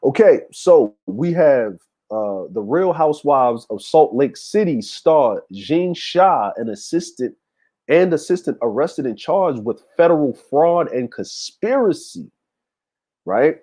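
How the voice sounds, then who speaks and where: A man's voice: fairly high pitch, sing-song, slow, dark tone. Laid-back man hosting a casual stream. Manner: laid-back, laughing, talks to chat with many fillers. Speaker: show host. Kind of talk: casual livestream commentary.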